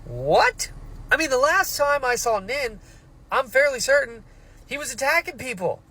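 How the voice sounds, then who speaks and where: Lively, high-voiced man reacting to a book. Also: a little slow, breathy edge, rough recording. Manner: animated, emotional reactions, casual swearing. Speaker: book reviewer. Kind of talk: casual book reaction vlog.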